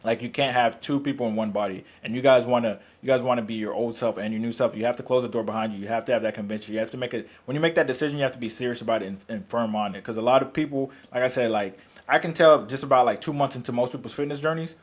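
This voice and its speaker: A man's voice: mid-range voice, rapid-fire. A man who works as a fitness coach, talking bluntly and profanely in casual podcast chat, rambling with restarts.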